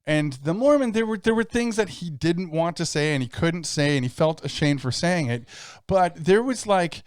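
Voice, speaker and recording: A man with a smooth, resonant voice sitting slightly high tells stories in a casual podcast chat and acts out the lines he quotes. He is recorded close up on a dry mic with no room sound. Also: expressive, normal speed, dry recording. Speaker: podcast co-host.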